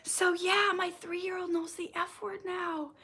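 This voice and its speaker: A woman in her thirties hosting a casual livestream, chatting warmly and encouragingly as she reads viewer comments aloud. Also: very high-pitched, flat delivery, measured pace.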